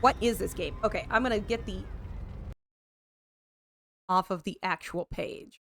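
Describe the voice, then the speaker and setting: A young American woman livestreaming a game, voice sitting at an ordinary middle pitch for a woman. She reads the game's lines aloud with theatrical emphasis and chats loosely with her viewers between them, swearing now and then. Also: unhurried, vocal fry, no room sound. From United States. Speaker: streamer. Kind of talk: live game stream, reading game text aloud.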